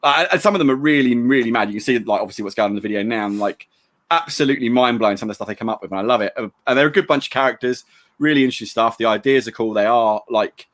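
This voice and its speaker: A man's voice: mid-range voice, racing, fairly bright tone. A young man co-hosting a podcast, rambling and easygoing, often stumbling over his words. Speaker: podcast co-host. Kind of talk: casual podcast chat.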